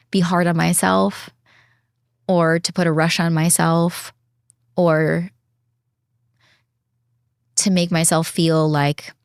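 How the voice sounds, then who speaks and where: A woman in her thirties speaking as a podcast guest in an earnest, reflective way, slowing down to stress her points. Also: fairly low pitch, no echo, studio quality. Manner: earnest, reflective, slows down when emphasizing. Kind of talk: casual heartfelt conversation.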